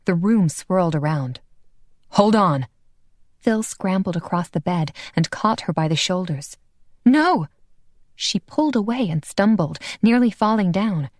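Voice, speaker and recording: A woman narrating a paranormal romance audiobook in an expressive, lively reading. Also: on the low side, normal speed, no room sound. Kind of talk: scripted narration.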